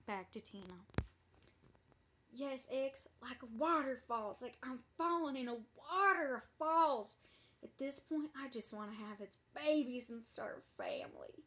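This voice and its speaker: Brief: sassy young woman voiced by a woman, gossipy and indignant, a touch high-pitched, comedy monologue. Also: slow pace, fairly bright tone, slight background noise. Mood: dramatic gossip. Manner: breathless, indignant, gossipy storytelling. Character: sassy dramatic young woman telling a wild story.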